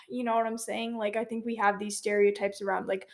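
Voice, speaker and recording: A teenage woman co-hosting a podcast, relaxed and agreeable, telling stories with many fillers. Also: mid-range voice, moderate pace. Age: teens. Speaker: podcast co-host. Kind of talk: casual chat.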